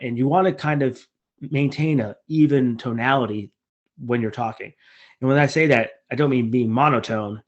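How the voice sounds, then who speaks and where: A man, a physician, giving casual spoken advice from a list, talking in a relaxed, conversational way with frequent ums and uhs. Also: medium pitch.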